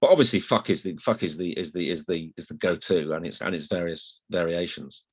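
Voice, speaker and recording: A middle-aged man with a slight northern English accent and flat vowels talks in a very low voice. He rambles and restarts, poking fun at himself, as a guest in a relaxed interview. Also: a little fast, breathy edge. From Hull, England. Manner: rambling, self-deprecating, frequent restarts. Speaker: guest, newspaper columnist. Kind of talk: casual interview chat.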